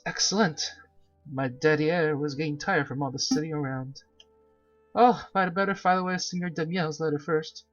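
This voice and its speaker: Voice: mid-range voice, moderate pace, close to an everyday voice. A cheeky male sparrow assistant teases his boss in a chirpy way, read out by a game player. The recording is a little dull and lo-fi. Faint music plays behind.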